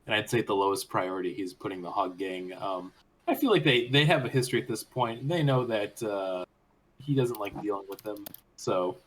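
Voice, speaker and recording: A man's voice: fairly low pitch, animated, fairly quick, a bit bright, slight background noise. A man playing a tabletop game, explaining his character's moves in a casual, laughing way. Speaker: player.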